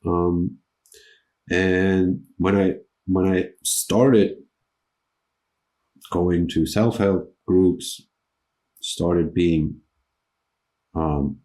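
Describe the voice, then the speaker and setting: Low, mellow-voiced man interviewing. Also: fairly even intonation, extremely slow, long pauses. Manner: hesitant, with many restarts and ums. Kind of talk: conversational interview.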